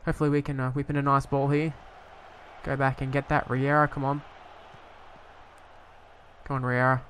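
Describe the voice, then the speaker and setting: A man's voice: medium pitch, little pitch movement, moderate pace, a bit bright, slight background noise. Rambling young man commentating a game. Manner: rambling, hesitant, bursts into swearing frustration. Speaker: gaming YouTuber.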